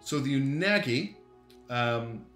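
Speaking slowly in an expressive, fairly bright mid-range voice, a streamer gives casual commentary on community game designs. He's chatty and thinks aloud, often saying um and starting over. Behind him there's a roomy echo and faint guitar music.

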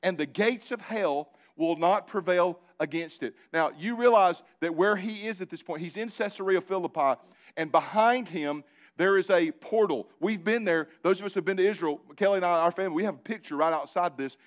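A man preaching a live sermon in church, animated and joking with his congregation, calling on them directly. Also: high-pitched, brisk, lo-fi sound. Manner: animated, talks directly to the congregation with asides and jokes. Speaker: pastor. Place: church sanctuary before a congregation.

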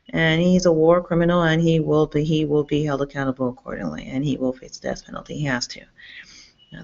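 Gravelly woman ranting, agitated and profane. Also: sits low, a little fast. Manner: agitated, rambling, profane, restarts sentences. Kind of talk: rambling monologue to camera. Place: public campus building indoors. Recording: dull lo-fi sound.

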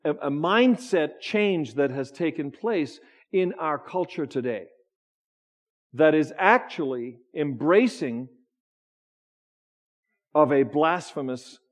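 A male pastor delivers a sermon to his congregation in a church sanctuary. His voice sits a little high for a man, and his delivery is loose and conversational, full of stammered restarts and teasing asides. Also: a little mellow.

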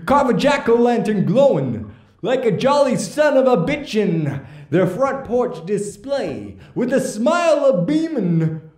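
A man performs a theatrical impression voice that declaims comic verse in stop-start, oddly stressed phrases. The delivery is slow and pitched high. A roomy echo hangs around the words. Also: darkish tone, full character voice. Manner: dramatic, halting odd-rhythm recitation. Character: theatrical man doing a famous actor's voice. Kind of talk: comic poetry reading.

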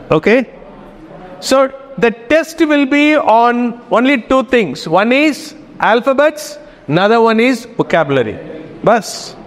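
A man's voice: sits high, in a large hall. A man teaching a Greek class, giving instructions and often checking in with his students. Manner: instructive, keeps checking in with "okay?". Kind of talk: classroom lesson.

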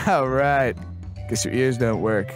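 A woman's voice: extremely low pitch, slow pace, soft background music. A woman voicing a mocking young male horror killer in a Minecraft role-play, rambling and teasing. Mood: playful. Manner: teasing, rambling, playful laughs.

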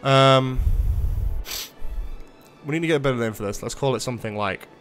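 A man chats through his own city-building stream at an ordinary mid pitch, cursing freely and poking fun at himself as he talks to his viewers. A little game music hums faintly behind him. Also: normal speed, fairly bright tone. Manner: sweary, self-mocking, talks to chat. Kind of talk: casual gaming livestream commentary.

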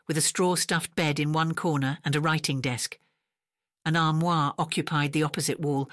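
A woman narrating a romance audiobook in a measured, even storytelling manner, recorded close on a studio mic. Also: low voice, dry recording. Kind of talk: scripted narration.

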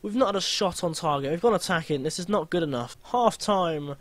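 A young man giving lively, blunt gameplay commentary, grumbling and swearing at his team. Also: sits high, brisk.

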